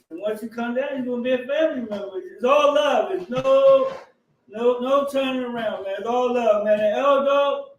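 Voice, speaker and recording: A middle-aged man, a guest, telling casual anecdotes in an animated, fast-running way. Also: extremely high pitch, far from the mic. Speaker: guest, riding club family member. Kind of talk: casual storytelling. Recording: roomy, off-mic.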